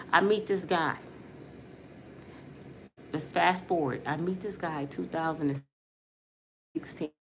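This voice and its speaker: A middle-aged woman from Michigan, USA, earnestly tells her life story as a personal testimony, speaking casually and emotionally. Her voice sits low, with a little hiss or hum in the recording.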